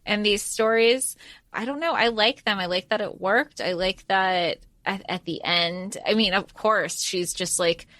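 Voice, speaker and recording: A woman's voice: mid-range voice, unhurried, no room sound. A woman co-hosting a podcast, chatting casually about books, rambling and restarting her sentences. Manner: rambling, trails off and restarts, lively quoted voices. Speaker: podcast co-host. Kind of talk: casual book chat.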